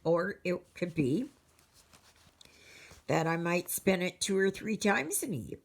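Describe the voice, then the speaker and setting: A woman's voice: on the low side, expressive, unhurried. A Canadian woman chatting casually to her viewers as a cross-stitch vlogger, rambling and storytelling with many fillers.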